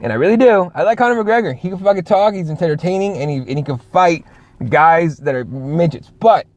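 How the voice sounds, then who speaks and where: A man's voice: sits high, animated, brisk, darkish tone, no room sound, dull audio. A man hosting a casual talk show, ranting bluntly and profanely, rambling with lots of restarts. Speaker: podcast host. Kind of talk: casual rant.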